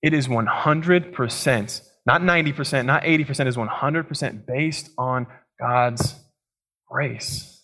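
A man's voice: medium pitch, unhurried, sharp tone. A young adult man, a pastor, preaching a sermon in a church in a conversational, storytelling way with frequent asides.

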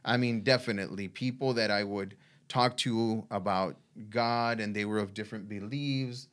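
A man, telling his faith testimony in a halting way, full of restarts and fillers. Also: on the low side, fairly even intonation, fairly bright tone. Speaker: guest sharing a faith testimony. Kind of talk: conversational storytelling.

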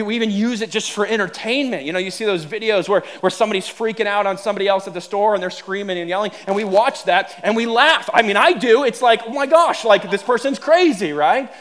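High-voiced preacher man, stammering restarts. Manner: earnest, stammering restarts, builds to animated emphasis. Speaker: pastor. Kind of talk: sermon.

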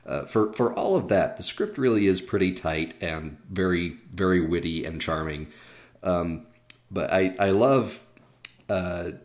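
On a relaxed film podcast, a male co-host speaks a little slowly in a deep voice. His speech is full of hesitations, fillers and frequent restarts.

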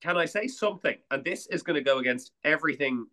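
A man in casual podcast chat, telling a story in an animated way with some swearing. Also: fairly high pitch, fast talker. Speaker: podcast co-host.

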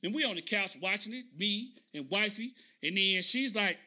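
A man hosting a podcast, telling a story in a casual, animated way and often asking listeners "right?". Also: high voice, fairly quick, hardly any pauses. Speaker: podcast host.

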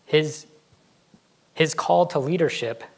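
A man's voice: fairly high pitch, slow pace, vocal fry, slightly rough, low-quality recording. A male pastor giving a conversational sermon, laughing now and then and acting out what his kids say. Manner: conversational, laughs often, acts out kids' voices.

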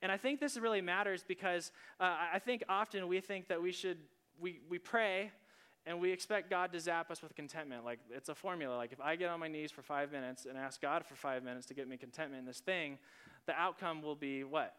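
A man preaching a sermon as a pastor, in an earnest, animated, conversational way, often starting with "listen". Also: fairly high pitch, a little fast, clear, resonant tone.

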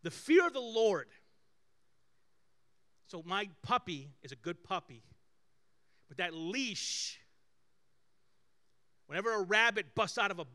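With a high-pitched voice, a male pastor preaches a conversational sermon built on personal stories. He's animated, shifting between loud outbursts and quiet asides.

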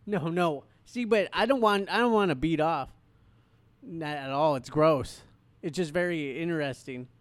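A man's voice: fairly high pitch, moderate pace, no room sound. A middle-aged man co-hosting a podcast in casual chat, talking hesitantly with lots of ums. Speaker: podcast co-host. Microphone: headphones and studio mic.

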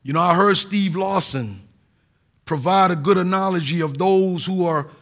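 A pastor delivers a sermon in a notably high voice for a man. He preaches earnestly, pressing hard on key words and now and then restarting a phrase. He sounds middle-aged. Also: normal speed, a bit bright. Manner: earnest preaching with emphatic stresses and some restarts.

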